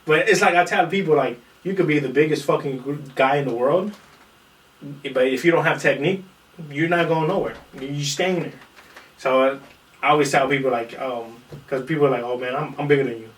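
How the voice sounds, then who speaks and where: A man's voice: a little high, a little fast. A man who trains in jiu-jitsu, telling a long story on a casual podcast. He swears freely and acts out what other people said. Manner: animated, profane storytelling that acts out quotes. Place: room in a small podcast setup. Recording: roomy echo, far from the mic.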